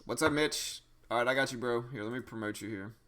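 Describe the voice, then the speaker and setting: A man's voice: mid-range voice, quick pace. Chatty man hosting a trading stream. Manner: relaxed, chatty, with frequent restarts and fillers. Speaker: day-trading livestream host. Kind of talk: casual live-stream chat.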